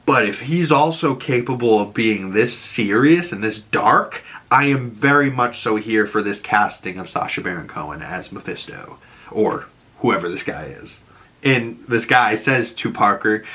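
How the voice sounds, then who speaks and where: A man's voice: fairly low pitch, measured pace, sharp tone. A man casually recapping and reacting to a TV episode in a chatty way, full of fillers and laughing at his own quotes. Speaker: reaction and breakdown host.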